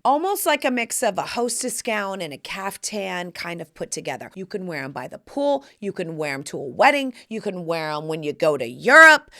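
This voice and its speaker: Animated brassy woman podcast host. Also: fairly low pitch, normal speed, few pauses. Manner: animated, brassy storytelling with playful asides. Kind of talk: casual chat.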